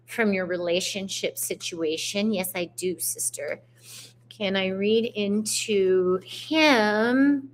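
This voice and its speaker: A woman giving a casual, chatty tarot reading on a live stream from her home, with spiritual slang and the odd swear word. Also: mid-range voice. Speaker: tarot reader. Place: home on a mountainside.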